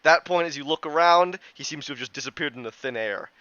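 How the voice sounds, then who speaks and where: A man's voice: on the high side, fast talker, bright, forceful tone, clean tone, no echo. A man narrating a tabletop game as game master, in a loose, chatty way with many restarts. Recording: dull lo-fi, dry.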